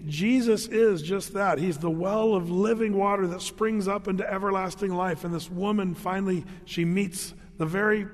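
High-voiced preacher in an echoing hall. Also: male voice. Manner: storytelling, animated, acts out voices; frequent restarts and laughs. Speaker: pastor. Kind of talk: sermon. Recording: long hall reverb.

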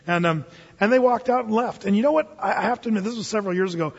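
A high-pitched man in his fifties preaching a sermon in a church sanctuary, his voice carrying a long reverb through the hall. He tells his stories in a loose, conversational way, often restarting his sentences. The recording sounds dull and lo-fi. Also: rapid-fire, vocal fry, breathy edge. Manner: conversational storytelling, animated with frequent restarts. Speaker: pastor.

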